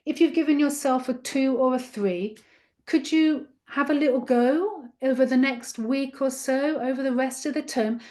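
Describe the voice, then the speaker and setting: Upbeat, encouraging woman trainer, slightly high. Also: normal speed, a little mellow. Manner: encouraging, chatty and interactive. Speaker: teacher trainer. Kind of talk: live online teacher-training webinar.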